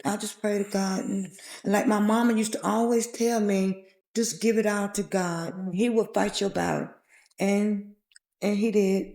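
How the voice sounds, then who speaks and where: A woman's voice: mid-range voice, fairly even intonation, unhurried, darkish tone. A middle-aged woman earnestly telling a heartfelt personal story as a podcast guest. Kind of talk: personal testimony in a podcast interview. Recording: echoey room.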